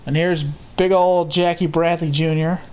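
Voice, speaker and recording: A young man calling a baseball game play by play, steady and unhurried, with casual asides. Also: on the high side, clean tone. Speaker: play-by-play commentator. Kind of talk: simulated baseball commentary.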